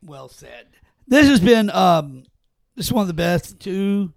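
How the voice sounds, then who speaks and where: A man's voice: sits high, very animated, a little slow, gravelly, dry recording, studio quality. A man co-hosting a podcast in casual sports chat, blunt and emphatic. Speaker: podcast co-host.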